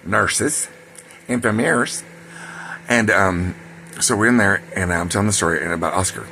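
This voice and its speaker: An older man tells a rambling story from his own life. His voice sits low and gravelly, with a bright, forward edge. He drifts into side tracks and corrects himself as he goes. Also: normal speed, slight background noise. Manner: digressive, full of ums and self-corrections.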